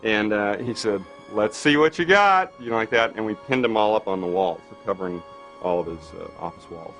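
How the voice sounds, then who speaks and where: A man's voice: fairly low pitch, fairly quick, soft background music. A man in an interview telling anecdotes animatedly, acting out quoted dialogue with many fillers. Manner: animated, acts out quoted dialogue, frequent "you know". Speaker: interviewee recalling film work. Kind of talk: anecdotal storytelling.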